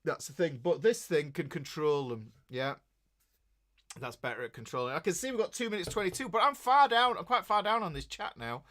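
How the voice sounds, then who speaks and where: Yorkshire guy, middle-aged, bit high-pitched, jokey rambling host chatting with his live viewers. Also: lively intonation, fairly quick, bright, forceful tone. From Yorkshire, England. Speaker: guitar teacher hosting a livestream. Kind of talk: casual livestream chat.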